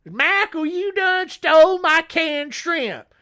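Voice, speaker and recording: A man's voice: very high-pitched, animated, slow, pushed and bright, pitched above the performer's own voice, heavily acted. A man voicing an aggrieved grown man-child with a drawling, slangy delivery.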